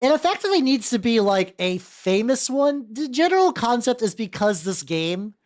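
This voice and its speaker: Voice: mid-range voice, very animated, normal speed. A streamer chatting casually about a tabletop game, rambling off on tangents, restarting sentences and swearing freely. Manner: greets chat viewers mid-flow. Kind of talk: casual live-stream chat.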